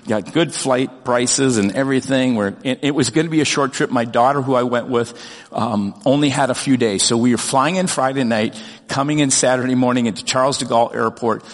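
Middle-aged pastor telling a story in a reverberant hall. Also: male voice, mid-range voice, brisk. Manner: earnest, animated storytelling with restarts. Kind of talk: storytelling sermon.

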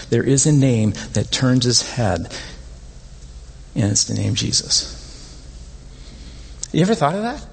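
A man preaching a sermon as pastor, animated and conversational, often rising in pitch to stress a point. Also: gravelly, breathy edge. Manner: animated, rises in pitch when making points. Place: church sanctuary. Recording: long hall reverb.

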